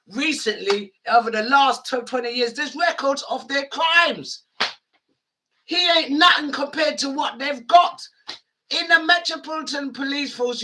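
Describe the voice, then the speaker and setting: A woman's voice: a little high, pushed and bright, a little hiss or hum. A woman radio DJ, ranting angrily and addressing listeners directly. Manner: angry, indignant, direct address. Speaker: radio DJ and host.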